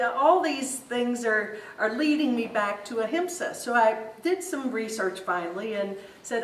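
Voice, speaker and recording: Woman telling stories at a spiritual center talk, laughs a lot, echoey room, mic kinda far off. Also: medium pitch. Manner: chatty, storytelling, laughs easily. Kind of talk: informal spiritual talk to a group. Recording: roomy echo, distant mic, faint hiss.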